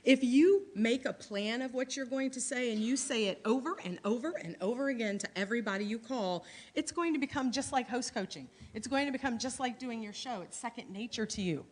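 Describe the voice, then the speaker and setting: In a slightly high voice, moving briskly with few pauses, a middle-aged Illinois woman delivers a chatty, upbeat training talk to her sales team, acting out snippets of dialogue.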